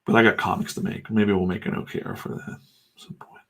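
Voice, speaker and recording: A man's voice: low voice, little pitch movement, quick pace, creaky, breathy edge. A middle-aged man from the United States chatting casually and candidly, with some swearing, while he draws. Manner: rambling, candid and profane. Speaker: comics artist and channel host. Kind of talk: casual talk while drawing.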